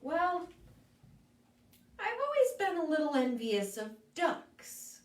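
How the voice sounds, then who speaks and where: A woman's voice: high voice, big pitch swings, takes it slowly, heavily acted. A woman voicing a wistful crab that dreams of flying, in a dramatic, sing-song way, for a storybook read-aloud. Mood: hesitant. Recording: echoey room, mic at a distance.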